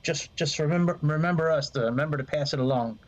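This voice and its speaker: A man's voice: a little high, quick pace, highs cut off. A man streaming a flight sim, rambling and swearing freely as he talks to his chat. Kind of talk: casual gameplay commentary.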